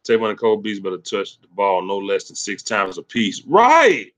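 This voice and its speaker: A fired-up man with a drawl rants about his team on a livestream. His pitch leaps high when he gets heated and drops to low grumbles in between. He curses freely and sounds fed up. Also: sing-song, moderate pace, hardly any pauses, highs cut off. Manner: angry, profane, swinging from loud high rants to low mutters. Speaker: sports channel host. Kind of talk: profane livestream sports rant.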